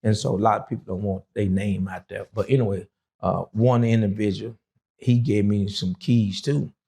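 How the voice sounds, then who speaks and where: Middle-aged man, gravelly, husky, rambling casual storytelling. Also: on the low side, steady tone, moderate pace, mellow. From Dallas, Texas. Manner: rambling, with many fillers and acted quotes. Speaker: guest telling his life story.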